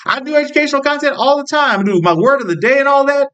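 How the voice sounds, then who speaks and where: A lo-fi recording catches a young American vlogger raging through political commentary in a very high, animated voice with a fairly bright tone and quick pace. Constant swearing, restarted sentences and frustrated rambling fill the rant.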